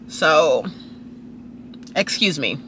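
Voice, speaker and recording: A woman's voice: animated, very slow, bright, forceful tone, a little hiss or hum. A young woman, chatting casually and gossipily to her phone camera at a restaurant. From Dallas, Texas. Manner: gossipy and chatty, swooping pitch jumps. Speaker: lifestyle vlogger. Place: at a restaurant, people watching.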